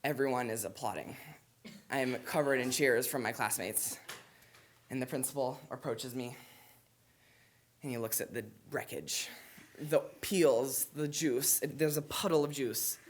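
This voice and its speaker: A storyteller performing a story live at a school event, vivid and dramatic, building suspense and then dropping to a hush. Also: medium pitch, a little slow, pauses often, slight background noise.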